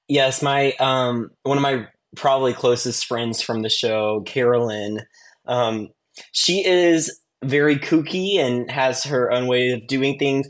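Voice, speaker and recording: A young man chatting as a podcast guest, rambling excitably with lots of restarts and false starts. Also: medium pitch, slow. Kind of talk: casual chat.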